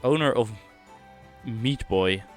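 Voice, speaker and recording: Over soft background music, a man with a mid-range voice streams a game. He explores while thinking out loud, reacts quickly and casually, and reads the dialogue, keeping his commentary laid-back.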